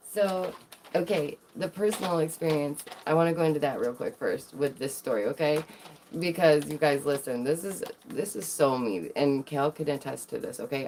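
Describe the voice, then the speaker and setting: A woman's voice: low voice, darkish tone. A woman streaming live, chatting casually to her viewers in a rambling way, with lots of fillers and restarts.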